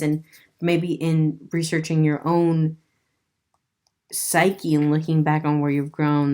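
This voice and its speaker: A woman's voice: sits low, a little mellow. A woman doing a casual tarot reading, musing aloud as she turns over cards and laughing now and then. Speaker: tarot reader.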